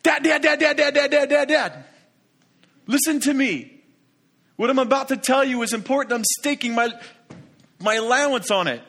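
Man doing a squeaky, urgent kid, repetitive and pleading, sermon aside. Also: moderate pace, long pauses, fairly bright tone. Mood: insistent. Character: insistent little kid pestering a parent.

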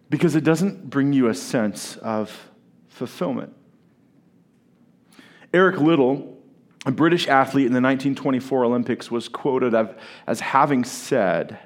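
A male pastor preaches a sermon at a church service, earnest and deliberate, stressing key words, pausing at length, and bantering playfully with his congregation. His voice is mid-range.

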